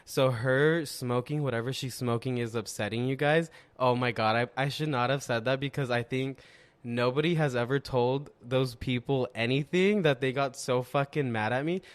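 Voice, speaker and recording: A man on a casual podcast, telling a story in a lively, profane rush. His voice sits at an ordinary middle pitch, and he swears constantly as he tells it. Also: moderate pace, clean tone. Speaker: podcast co-host.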